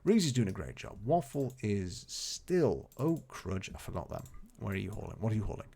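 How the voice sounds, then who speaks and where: Male streamer, low gravelly voice, lively pitch, rambling chatty play-by-play, faint music bed. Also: moderate pace. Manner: chatty, rambling, talks to his game characters. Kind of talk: casual live gameplay commentary.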